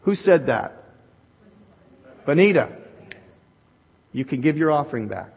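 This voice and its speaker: A male pastor preaching an animated sermon, joking with his congregation. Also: fairly high pitch, unhurried, gravelly. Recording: dull recording in a reverberant hall.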